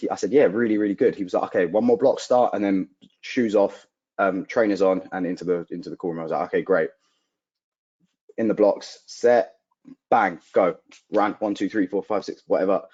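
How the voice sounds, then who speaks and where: A young man with a very deep voice tells a personal story as an interview guest. He acts out the people he quotes, with lots of "like" fillers. The audio is dull and lo-fi. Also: darkish tone, husky. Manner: vivid retelling, acting out quoted dialogue, frequent "like" fillers. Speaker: athlete guest.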